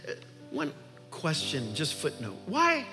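A man's voice: on the high side, moderate pace, big-room sound, over music. A male pastor preaching a sermon in an earnest, conversational way, building to emphatic points.

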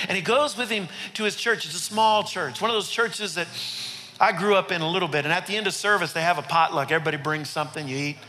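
A man's voice: high voice, brisk, pushed and bright, a little hiss or hum. A male pastor telling a story in a sermon, building dramatic intensity. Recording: reverberant hall with faint music.

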